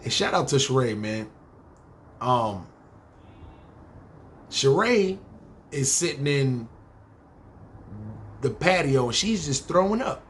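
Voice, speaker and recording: A man's voice: mid-range voice, big pitch swings, slow pace, long pauses, a bit bright, slight background noise. Laid-back New York man telling stories. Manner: laid-back street slang, profane. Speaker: podcast host. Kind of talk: casual storytelling.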